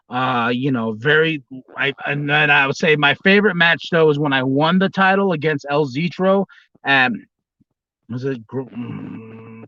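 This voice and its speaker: A man in his thirties hosting a casual livestream as a former wrestler, telling a story with rambling restarts and bursts of high, squealing impressions. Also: bright, forceful tone, no echo, lo-fi sound.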